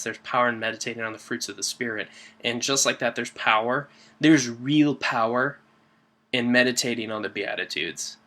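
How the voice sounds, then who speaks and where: Man, church devotional host; bright, forward tone, earnest and conversational, leans on key words. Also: medium pitch. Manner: earnest, conversational with fillers and restarts. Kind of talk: informal devotional talk.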